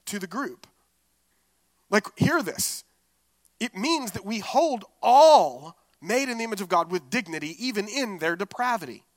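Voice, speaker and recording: A man preaching a sermon, expressive and conversational, with casual asides. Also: high-pitched, no room sound. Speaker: pastor.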